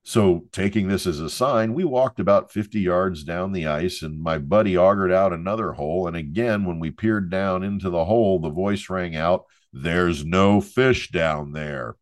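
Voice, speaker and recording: Man, middle-aged, podcast host, very deep voice, dry close sound, jokey storytelling patter. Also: normal speed, few pauses, no echo. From Florida. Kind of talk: hosted podcast monologue.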